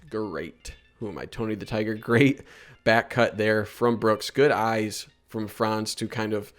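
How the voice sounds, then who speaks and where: A man giving casual commentary over game footage, picking apart plays and calls in a conversational, critical way with many fillers. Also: on the low side. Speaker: sports analyst breaking down game film.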